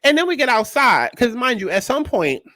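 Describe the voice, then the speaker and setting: A man with a high, bright voice gives a casual reality TV recap. He talks in a sassy, animated, profane way and hammers each point home by saying it twice. The sound is close and dry. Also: moderate pace, no room sound. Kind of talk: casual commentary.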